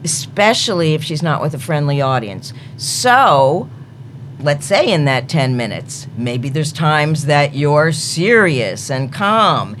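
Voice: medium pitch, sing-song, slow pace, fairly bright tone, a little hiss or hum. Coach giving practical speaking advice. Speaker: communications coach guest. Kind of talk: casual chat. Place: podcast studio.

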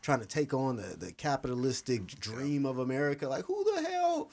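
A man in casual chat, relaxed, agreeing and asking questions. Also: mid-range voice, brisk.

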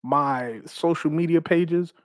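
A professional wrestler, a man, tells stories from his career in a casual, animated way, swearing freely and laughing between phrases. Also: on the high side, slow, no room sound, clean studio sound.

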